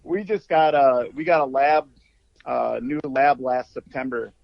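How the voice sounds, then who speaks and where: A middle-aged man talks in a gravelly, easygoing voice, chuckling as he tells stories as a guest. His sound comes through a dull, muffled call line with a dry, close feel. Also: mid-range voice, measured pace, dry recording. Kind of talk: casual chat.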